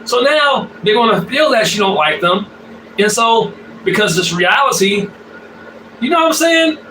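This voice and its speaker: High, bright-voiced man ranting bluntly. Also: lively intonation, normal speed, slight background noise. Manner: blunt, profane, repetitive, many fillers. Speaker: spiritual vlogger. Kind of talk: casual monologue rant. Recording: roomy, distant mic with faint ambience.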